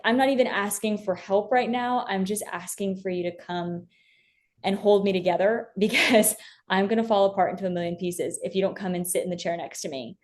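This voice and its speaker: A young woman appearing as an interview guest speaks earnestly and from the heart about her faith, using many fillers and restarts. Her voice is fairly low and a little mellow.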